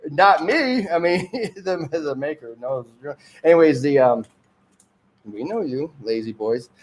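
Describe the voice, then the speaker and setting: A man from the Detroit area talks at an ordinary mid-range pitch, hosting his own homemade show in a loose, rambling monologue. He wanders from tangent to tangent, chuckling often and trailing off before restarting. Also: measured pace, mellow, a little hiss or hum. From Detroit area, Michigan. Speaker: host of a homemade magazine show.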